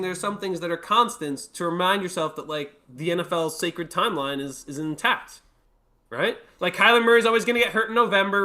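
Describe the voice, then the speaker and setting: A man's voice: high voice, sharp tone. A man hosting a casual sports talk show, rambling and bantering with sarcasm. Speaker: host.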